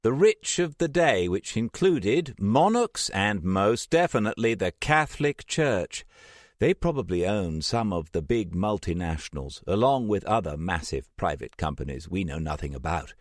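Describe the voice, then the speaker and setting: A man's voice: lowish voice, sing-song, normal speed, dry recording, clean studio sound, voice pushed up. A man voicing an earnest, driven woman archaeologist. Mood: intense.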